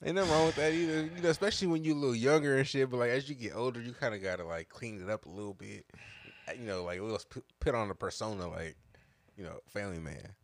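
A man's voice: mid-range voice, rapid-fire, no room sound. A man co-hosting a casual podcast chat, laid-back and profane, laughing often as he tells a story. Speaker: podcast co-host.

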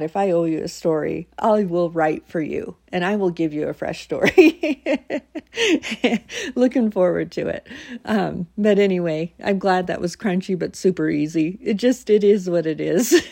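A woman's voice: fairly low pitch, gravelly, warm tone. A woman giving a casual, earnest devotional talk to listeners, emotional and teary, with many fillers and frequent laughter. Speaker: faith podcaster.

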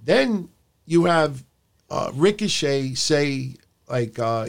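A man's voice: a little high, animated, slow, creaky. A man co-hosting a wrestling podcast, ranting bluntly and sarcastically with casual swearing. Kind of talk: casual opinionated podcast commentary.

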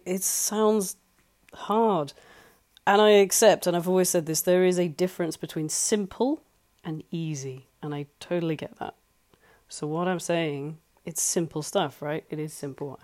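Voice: medium pitch, a little mellow. A life coach giving earnest, conversational advice from home, repeating points for emphasis. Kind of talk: solo advice talk. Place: home flat.

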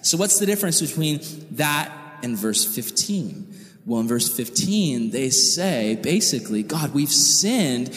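A man preaching a youth sermon to high school students, animated and slangy, acting out quotes as he goes. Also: unhurried, echoey room, in a large hall, faint music behind. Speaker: youth pastor.

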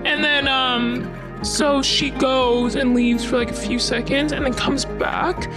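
A woman with a high voice tells a personal story in loose, casual chat. She rambles, filling her sentences with "like" and swearing freely, with guitar music playing clearly behind her. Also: fairly even intonation, slow.

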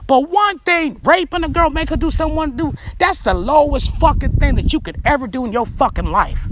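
Brief: high-pitched woman vlogger, bright and forceful, profane and emphatic, faint vehicle hum behind. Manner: blunt, profane and emphatic, lecturing the listener directly. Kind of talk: ranting commentary to camera.

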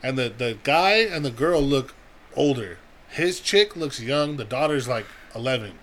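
A man's voice: mid-range voice, lively intonation, unhurried, fairly bright tone. A young man telling a long, profane story on a podcast in casual chat, acting out the people he quotes. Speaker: podcast co-host.

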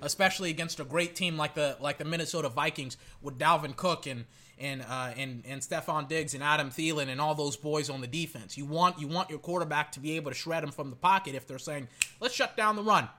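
Excitable male fan doing live game-reaction commentary; high, bright, exclamatory, rambling. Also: brisk.

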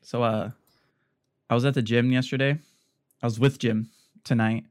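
A man's voice: mid-range voice, steady tone, moderate pace, darkish tone, clean tone, no room sound, clean studio sound. A man hosting a podcast over a remote call, laid-back and wry in short casual replies. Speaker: podcast host. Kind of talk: casual chat. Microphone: remote call mic.

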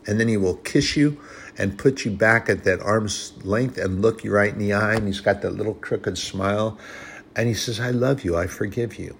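Gravelly low-voiced man preaching. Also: moderate pace, slight background noise. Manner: earnest, conversational preaching with restarts. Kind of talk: sermon.

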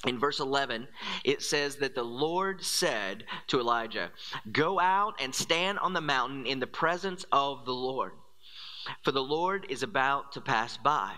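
A man preaching a sermon, dramatic, dropping to hushed whispers and then surging into quick, rising bursts. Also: mid-range voice. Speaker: pastor.

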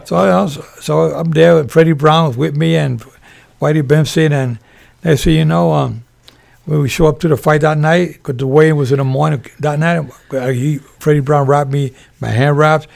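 An older man, a former boxer and referee, telling animated stories with laughter in an interview. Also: a little high, normal speed, gravelly. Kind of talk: storytelling in a podcast interview.

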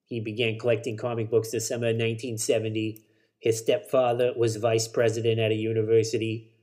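A man's voice: lowish voice, little pitch movement, a little fast, warm tone. A man hosting a solo podcast, rambling casually about shows and movies, swearing and correcting himself as he goes. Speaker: podcast host.

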